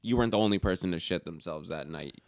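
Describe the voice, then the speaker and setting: A man's voice: deep voice, quick pace, no echo, clean studio sound. A young man co-hosting a podcast in casual banter, teasing, laughing and swearing freely. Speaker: podcast co-host.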